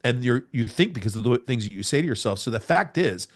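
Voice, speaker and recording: A man in his forties, a podcast guest, telling a personal testimony in a lively storytelling way with sound words. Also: medium pitch, fast talker. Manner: animated storyteller, acts out scenes with sound words.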